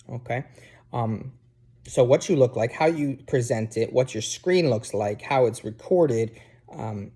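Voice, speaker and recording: An instructor from New Jersey, speaking with that region's accent, records an informal lecture for students from his couch at home. His voice is mid-range and dark, and he keeps asking "okay?" between filler "um"s in a conversational manner.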